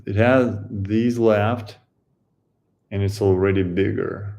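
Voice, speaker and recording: A man hosting a coding tutorial, thinking aloud while he works through a problem, halting and musing with many pauses and fillers. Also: on the low side, fairly even intonation, dark tone.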